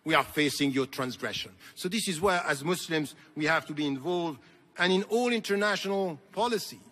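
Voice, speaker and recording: A man's voice: a little high, a little fast, a bit bright, long reverb tail. A man giving an impassioned convention speech, with emphatic, repetitive rhetoric. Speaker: convention keynote speaker. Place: large convention hall.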